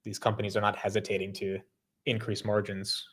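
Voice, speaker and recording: A man's voice: fairly low pitch, completely flat delivery, a little fast, breathy edge. A man hosting a market show, reading headlines and chatting casually. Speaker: host. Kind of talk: market news chat.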